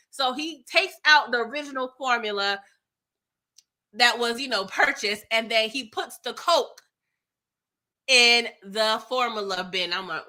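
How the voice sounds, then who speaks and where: A woman hosting a live TV episode recap, talking in an animated, slangy, chatty way. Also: a little high, a little slow. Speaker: TV recap host.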